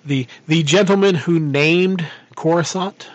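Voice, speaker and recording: A man's voice: fairly high pitch, unhurried, dry recording, muffled recording. A man co-hosting a casual podcast chat, rambling with many fillers and restarts as he plans a tabletop game. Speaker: podcast co-host and game master.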